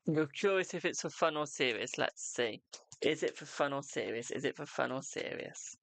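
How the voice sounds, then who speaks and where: Chatty tarot streamer, gravelly voice. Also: medium pitch, expressive, moderate pace, a bit bright, no echo. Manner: chatty, reassuring, calls viewers darling. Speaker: tarot reader and live streamer. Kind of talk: live stream tarot reading.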